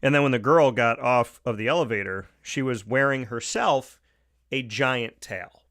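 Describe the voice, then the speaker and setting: On his talk show, a man with an Upstate New York accent gives an emphatic, opinionated monologue, repeating his points. The radio host speaks at normal speed in a mid-range, slightly bright voice.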